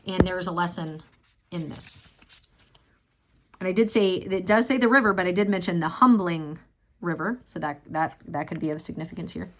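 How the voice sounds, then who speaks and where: This tarot reader's voice is on the low side and fairly bright, at a normal speed. Her casual reading wanders emotionally as she thinks aloud, fading to a whisper whenever she reads to herself.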